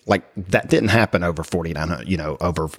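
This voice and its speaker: A middle-aged man sharing his personal faith story in conversation, speaking haltingly with many fillers and restarts. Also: sits low, breathy edge. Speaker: guest.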